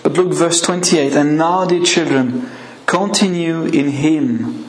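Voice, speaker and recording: A man's voice: fairly high pitch, echoey room, poor audio. A man with a French accent preaching an earnest, emphatic sermon. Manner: earnest, emphatic, slow and deliberate.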